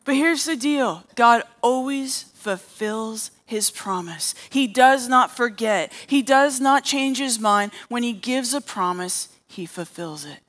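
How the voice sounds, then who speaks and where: High-voiced woman preaching a sermon. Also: animated, slow, hardly any pauses, a bit bright. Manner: storytelling, acting out quoted characters. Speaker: preacher and therapist.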